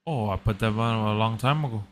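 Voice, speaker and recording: A young man in relaxed casual chat, using slangy speech and saying "bro" a lot. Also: on the low side, a little fast.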